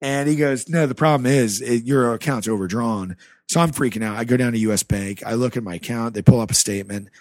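Talking at a quick clip in a mid-range voice, this man from the Rust Belt shares a life story on a podcast with lots of swearing and acted-out exchanges. He's animated and casual, and the clean studio recording has no room sound.

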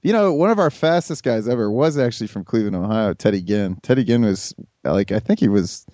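Lively rambling man in his thirties. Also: on the low side, brisk, dry recording. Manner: relaxed, rambling, many fillers. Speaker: podcast host. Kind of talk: casual chat.

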